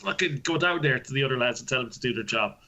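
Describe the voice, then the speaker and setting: A man co-hosting a podcast, telling a story in an animated, profane way and laughing often. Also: medium pitch, quick pace, dull audio. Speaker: podcast co-host. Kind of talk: casual chat.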